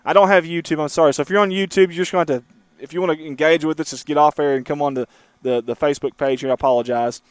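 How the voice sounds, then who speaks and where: A man's voice: fairly high pitch, fairly even intonation, rapid-fire, clean tone, no room sound. A man hosting a casual livestream from a moving car, chatting and reading viewer comments aloud. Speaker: livestream host. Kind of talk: casual driving livestream chat.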